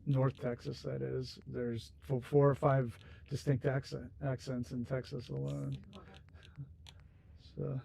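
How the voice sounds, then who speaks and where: A man's voice: medium pitch, flat delivery, slow, gravelly, warm tone, a little hiss or hum. A man hosting a game livestream, chatting casually and rambling with viewers while he builds, laughing easily. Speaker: livestream host.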